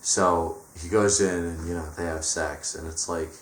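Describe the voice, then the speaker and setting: A man's voice: deep voice, fairly even intonation, measured pace, echoey room. A man reviewing a film in a profane, sarcastic, exasperated rant.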